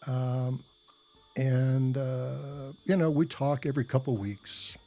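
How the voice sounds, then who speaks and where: A man recounting a story at an unhurried, drawn-out pace, his voice dark and relaxed. He rambles, restarts his sentences and fills pauses with "uh" and "you know". His speech is blunt and a little profane. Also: medium pitch. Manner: rambling, hesitant, full of fillers and restarts. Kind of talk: casual spoken storytelling.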